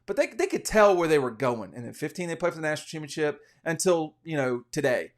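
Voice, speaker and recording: Man, sports podcast host, casual betting talk, rambling and opinionated, somewhat high-pitched. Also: big pitch swings, quick pace. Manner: opinionated, rambling, frequent restarts.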